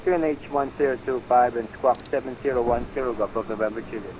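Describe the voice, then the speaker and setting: A man flying as a pilot, reading back clearances hesitantly over the radio. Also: medium pitch, fast talker, crowd noise. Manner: hesitant readbacks with fillers. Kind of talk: radio readbacks. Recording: dull lo-fi radio.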